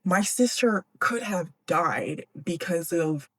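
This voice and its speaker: A woman's voice: fairly low pitch, lively intonation, slow pace, fairly bright tone, dry recording, exaggerated voice. A woman voicing a blunt, hot-tempered teenage girl in slangy, swearing speech. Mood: remorseful.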